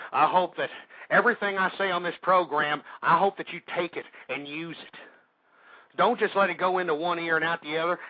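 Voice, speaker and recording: A man hosting a talk radio show, delivering an angry ranting monologue that swings between yelling and low muttering. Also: no echo. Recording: dry, tinny phone-like internet radio audio.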